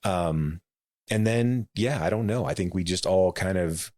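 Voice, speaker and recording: Deep-voiced rambling male podcast host. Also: unhurried, a little mellow. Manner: rambling, laughs often, many fillers and restarts. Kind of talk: casual chat.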